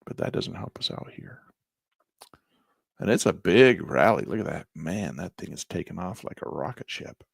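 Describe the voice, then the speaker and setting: Gravelly, animated man teaching trading. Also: low voice, no echo, clean studio sound. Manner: folksy, animated, slangy asides. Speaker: trading instructor. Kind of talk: chart-walkthrough lesson.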